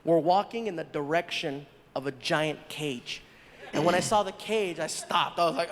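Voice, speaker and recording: A man doing stand-up storytelling on a theater stage, animated and laughing at his own jokes, into a handheld mic. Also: high voice, fairly quick, slight background noise. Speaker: stand-up comedian. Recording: live show in a big reverberant hall.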